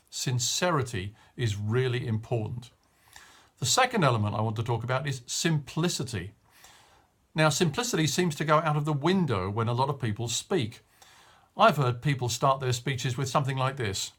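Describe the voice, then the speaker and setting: A middle-aged man giving a short coaching tip on public speaking, talking in a clear, measured way and stressing key words. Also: mid-range voice, animated. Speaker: media coach.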